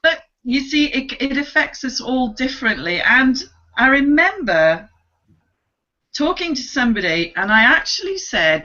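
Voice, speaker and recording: A woman, co-hosting a casual online chat, animated and laughing often as she acts out voices. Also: sits high, a little slow, muffled recording. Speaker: co-host.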